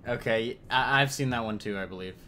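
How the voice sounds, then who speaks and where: A man's voice: mid-range voice, fairly quick, sharp tone, a little hiss or hum. A man streaming live, reacting to the video with exclamations and greeting viewers in chat. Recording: music playing behind.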